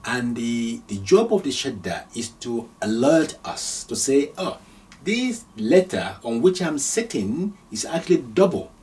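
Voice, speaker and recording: A man from Nigeria gives a patient beginner's lesson in reading Arabic, saying each sound again and again with an easy chuckle. His pitch moves a lot as he speaks. He talks slowly, and he sits a little back from the microphone. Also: big pitch swings, darkish tone, recorded from a distance. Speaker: Arabic teacher. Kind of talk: slow step-by-step lesson.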